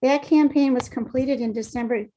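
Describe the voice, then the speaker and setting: A woman's voice: high-pitched, steady tone, normal speed, warm tone, a little hiss or hum, low-quality recording. A woman who is a university vice president, reading a prepared statement to a board and sometimes showing emotion. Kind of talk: formal board presentation.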